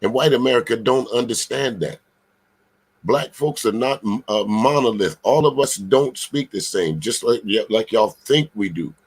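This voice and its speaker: A man from Charleston, South Carolina, gives casual reaction commentary on a clip, his mid-range voice slightly rough. Blunt, emphatic, and freely profane, he keeps stumbling on drawn-out filler sounds between points.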